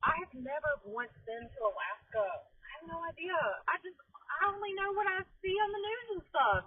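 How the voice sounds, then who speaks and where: A woman's voice: extremely high pitch, animated, moderate pace, no echo, narrow, tinny audio. A young woman hosting a podcast, telling a rambling story in casual chat from inside a car, swearing and amused at herself. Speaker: podcast host.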